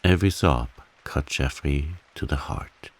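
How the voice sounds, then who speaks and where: Soothing guy reading a sleep story, super slow, deep low voice. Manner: calm, softly spoken. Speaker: audiobook narrator.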